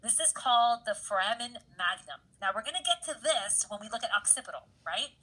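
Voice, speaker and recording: A woman's voice: on the high side, lively intonation, brisk, pushed and bright, breathy edge, rough recording. Chatty woman teaching an anatomy lab. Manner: chatty, keeps checking in with "right, guys?"; laughs easily at her own jokes. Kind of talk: casual lecture over slides.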